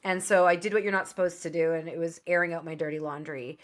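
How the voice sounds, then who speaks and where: A woman in her thirties, a podcast guest, telling her personal story in an open, conversational way with quick asides. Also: lowish voice, steady tone.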